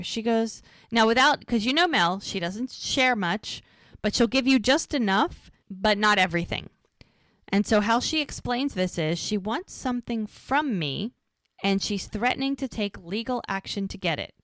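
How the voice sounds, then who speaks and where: Recapping a TV episode on her podcast, this co-host keeps things casual and chatty, retelling scenes and quickly quoting what the characters said. She has a mid-range, slightly bright voice with lively intonation, recorded dry.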